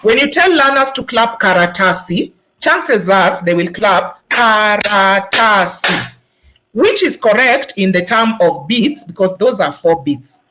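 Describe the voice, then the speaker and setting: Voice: mid-range voice, noisy background. A presenter from Kenya with a Kenyan accent, giving an instructional webinar talk to teachers and patiently sounding out words syllable by syllable.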